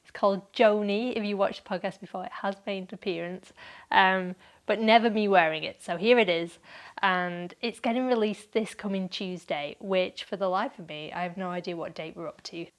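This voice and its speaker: A woman talks through her solo podcast in a loose, chatty way, often breaking into little laughs. Her voice sits at an ordinary middle pitch for a woman. She sounds relaxed and self-deprecating, speaking from home. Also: normal speed. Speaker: podcast host. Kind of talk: casual solo podcast chat.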